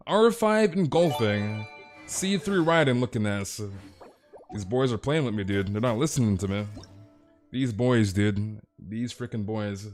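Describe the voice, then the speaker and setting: A man's voice: medium pitch, sing-song, moderate pace, a little mellow, soft background music. Teasing male game streamer. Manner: playful teasing banter, says dude a lot. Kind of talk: casual live-stream chatter.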